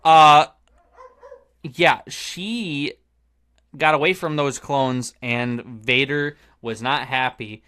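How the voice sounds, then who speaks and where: A man's voice: mid-range voice, steady tone, very slow, pushed and bright, clear, resonant tone. A man hosting a podcast in casual chat, rambling and often trailing off to restart his thought. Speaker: podcast host.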